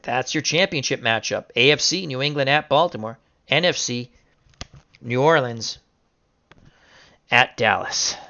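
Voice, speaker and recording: A man giving casual play-by-play commentary on simulated football games, excitable and bursting into shouts over big upsets. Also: mid-range voice, a little slow, creaky, long pauses, highs cut off. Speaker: video game sim commentator.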